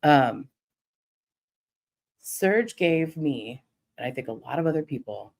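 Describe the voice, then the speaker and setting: A middle-aged woman ranting through a livestream, swearing freely and defiant. Now and then she mocks her critics in sneering imitations. Her voice sits slightly low for a woman. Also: lively intonation, slow pace, vocal fry. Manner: profane, defiant, mocking imitations. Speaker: livestream host. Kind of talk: heated livestream rant.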